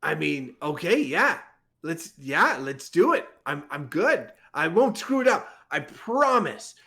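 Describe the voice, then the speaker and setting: A man's voice: fairly high pitch, big pitch swings, takes it slowly, gravelly, sharp tone, full character voice. A man playing an eager young stammering rogue. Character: eager young male rogue, son trying to prove himself.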